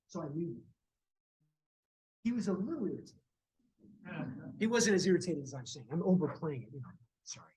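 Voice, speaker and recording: A man giving a university physics lecture, telling lively stories about his colleagues. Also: a little high, fairly quick, long pauses. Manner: lively storytelling, acts out quoted colleagues. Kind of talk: university lecture with personal anecdotes. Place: lecture room. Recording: distant mic with faint background noise.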